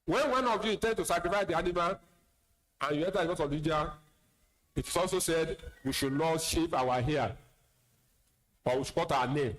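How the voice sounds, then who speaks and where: A man's voice: fairly high pitch, fairly quick, long pauses, low-quality recording. A man with a Nigerian accent, an imam giving a sermon, plain-spoken with teasing asides and repeated words. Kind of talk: sermon lecture.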